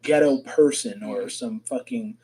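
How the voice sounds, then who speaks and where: A man's voice: mid-range voice, a little slow, dark tone, low-quality recording. A man with a nasal voice, speaking in a video clip, defensively repeating himself and asking rhetorical questions.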